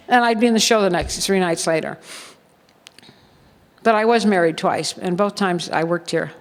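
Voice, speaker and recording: A woman's voice: mid-range voice, steady tone, brisk. An older woman and former showgirl telling blunt stories at a seminar, laughing often and acting out quoted voices. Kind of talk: storytelling at a seminar. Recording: reverberant hall.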